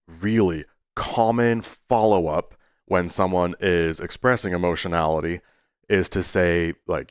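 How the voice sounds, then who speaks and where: A man talking to his viewers in a casual, rambling way, earnest but playful, with sudden jumps into a high voice. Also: unhurried, smooth, no echo, clean studio sound. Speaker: YouTuber. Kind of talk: casual talking-to-camera monologue.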